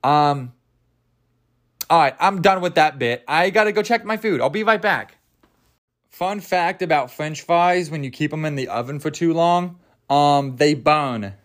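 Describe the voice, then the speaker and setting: A man's voice: a little high, expressive, unhurried, a bit bright. Rambling jokey young man. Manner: rambling, jokey, stumbles over words. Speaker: podcast host. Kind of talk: casual solo podcast chat.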